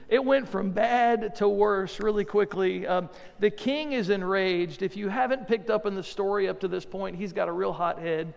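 A male pastor preaching a sermon, retelling a story in a lively way and acting out the characters. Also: high-pitched, normal speed, creaky, hardly any pauses. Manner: lively storytelling with acted voices. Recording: long hall reverb.

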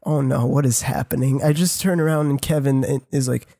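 A man's voice: mid-range voice, steady tone, a little fast, vocal fry, dark tone, no room sound. A young man telling a rambling, profane story in casual podcast chat. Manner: rambling, profane, laughs while telling stories. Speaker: podcast co-host.

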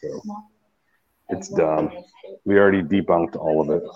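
A man's voice: low-pitched, steady tone, a little slow, muffled recording, crowd noise. A man co-hosting a casual live stream, full of laid-back, joking banter. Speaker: stream co-host.

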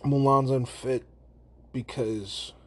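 A man's voice: medium pitch, slow pace. Profane man ranting about a movie. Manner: profane, animated retelling with put-on quoted voices. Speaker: podcast host. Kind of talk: casual movie rant.

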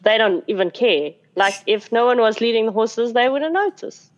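A woman's voice: on the high side, expressive, moderate pace, highs cut off. A woman playing a tabletop game, describing her character's actions with dry wit. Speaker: player. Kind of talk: casual play at a tabletop game.

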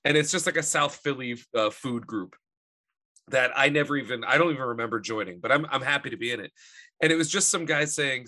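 Bright-voiced ranting podcast co-host man. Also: medium pitch, a little fast. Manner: profane, ranting, animated storytelling. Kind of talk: casual comedic chat.

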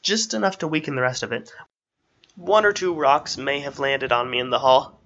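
A man's voice: mid-range voice, moderate pace, a bit bright, lo-fi sound, lightly acted. A man reading a story aloud and voicing a cocky young rogue who talks in a smug, teasing way. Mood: wry. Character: cocky young male rogue, smirking and wry.

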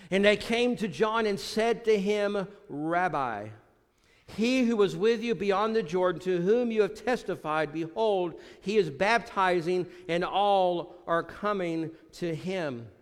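A man preaching a sermon as pastor, often dropping low and quiet to stress a point. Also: measured pace, big-room sound.

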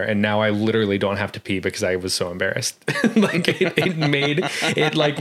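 Podcast co-host, young man, lowish voice, rambling profane storyteller. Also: fairly bright tone. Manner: rambling, profane, laughs often. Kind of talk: casual storytelling chat.

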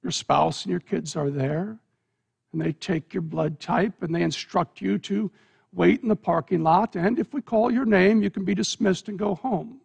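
A man's voice: high voice, normal speed, creaky, a little mellow, breathy edge. A man preaching, telling a dramatic story in the second person and building suspense.

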